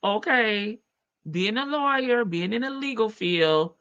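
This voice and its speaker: A woman hosts a casual livestream, her voice bright and a touch high. She talks in a sassy, chatty way, laughing easily and calling her viewers baby. The stream audio sounds a little dull and muffled. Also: lively intonation, slow, clear, resonant tone. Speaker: livestream host.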